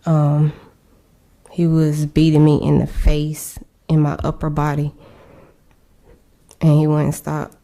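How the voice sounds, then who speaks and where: A woman with a low, dark voice tells her own story slowly, pausing often as she searches for words. Her delivery stays flat and subdued throughout, a recorded interview of personal testimony. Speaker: survivor interviewed.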